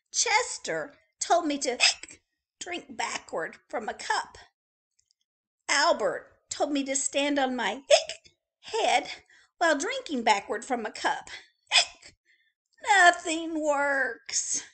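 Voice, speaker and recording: A woman's voice: high-pitched, fairly bright tone, full character voice. A woman voicing a fretful little penguin with hiccups, chatty and pleading, in a children's storybook read-aloud.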